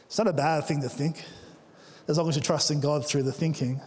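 A slightly higher-voiced man preaches to his church, playful and full of joking asides. His voice rings out in a big space with long reverb trailing behind each phrase. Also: fairly even intonation, brisk, darkish tone. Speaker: pastor. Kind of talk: sermon. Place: church auditorium.

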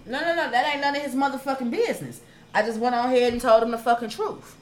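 A woman on a podcast telling stories in casual chat, profane and animated, acting out her own past arguments. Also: high-pitched, fast talker. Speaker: podcast co-host.

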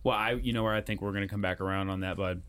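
A man's voice: lowish voice, steady tone, racing, a bit bright, clear, resonant tone. A man co-hosting a casual movie podcast, rambling and swearing freely as he talks through a film, often restarting his sentences. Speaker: podcast co-host. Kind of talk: casual movie review chat.

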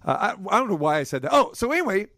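Man, middle-aged, sports radio host, high voice, dry studio sound, rambling animated storytelling. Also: rapid-fire, no echo. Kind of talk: casual sports talk chat.

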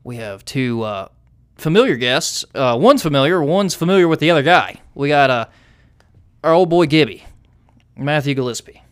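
A man's voice: fairly high pitch, animated, moderate pace. Rambling southern man hosting a podcast. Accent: Southern American. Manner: rambling with many fillers. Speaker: podcast host. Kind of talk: casual podcast chat.

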